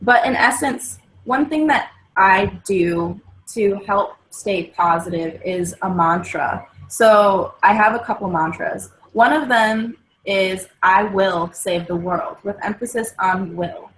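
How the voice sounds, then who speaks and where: A woman's voice: medium pitch, takes it slowly, fairly bright tone, low-quality recording. A woman, a guest on a wellbeing talk show, explaining positive self-talk and mantras in an earnest, casual way. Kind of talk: casual chat.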